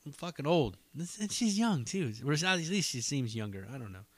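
A man's voice: on the high side, big pitch swings, normal speed, no room sound. A man hosting his own podcast solo, rambling casually with lots of swearing and self-deprecating asides. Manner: rambling, profane, self-deprecating, many fillers. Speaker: podcast host.

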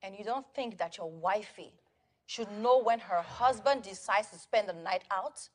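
A woman's voice: medium pitch, moderate pace, slight background noise, natural voice. An actress playing an indignant wife confronting her husband. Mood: suspicious. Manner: accusing, sharp. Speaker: wife in a short video drama.

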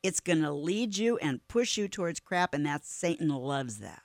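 A woman's voice: low-pitched, big pitch swings, normal speed, darkish tone, no room sound, studio quality. A woman hosting a faith-based interview, speaking with effusive enthusiasm and the careful vowels of a trained voice teacher. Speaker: interview host.

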